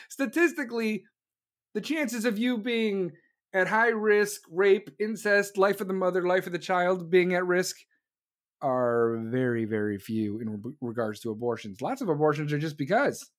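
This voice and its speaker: A woman's voice: lowish voice, expressive, unhurried. Woman livestream host, blunt sarcastic opinion rant, swears freely, mocks others in quoted voices. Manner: mocking mimicry in quoted voices.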